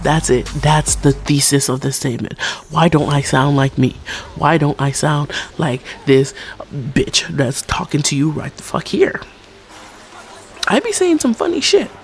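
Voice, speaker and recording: A woman's voice: low-pitched, fairly even intonation, a little slow, soft background music. A woman vlogger on an off-the-cuff rant, rambling, swearing freely and putting herself down in a blunt, frank way. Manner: rambling, profane, self-deprecating. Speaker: PNGtuber vlogger.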